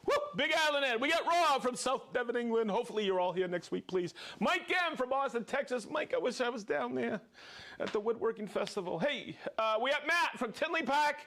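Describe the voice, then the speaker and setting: A man hosting a live product show, reading out viewer shout-outs with exuberant, playful energy, whooping and joking between names. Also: very high-pitched, animated, brisk.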